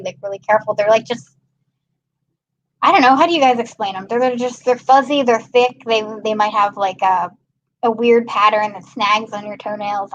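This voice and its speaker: A young woman from Maryland chats casually on her livestream, reading out viewer comments and laughing often. Her voice sits a little high. The audio is a bit dull, with a faint hum behind her. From Maryland, USA. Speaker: livestream host.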